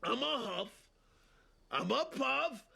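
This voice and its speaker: An actor playing a mobster who voices a menacing male Big Bad Wolf, acting as a mob enforcer, with a low growl that rises to a shout. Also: animated, slow pace, vocal fry, breathy edge, heavily acted.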